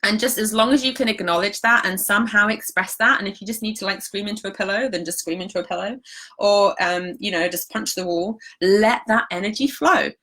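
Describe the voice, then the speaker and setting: Chatty woman with a bright voice. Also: medium pitch, brisk. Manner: chatty, reassuring, many fillers like "like". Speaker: holistic practitioner hosting a live stream. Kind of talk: casual live-stream talk.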